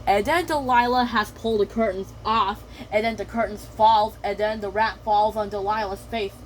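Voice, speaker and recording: A woman's voice: mid-range voice, steady tone, normal speed, slight background noise. A woman narrating an improvised story in a rambling way, chaining events with "and then".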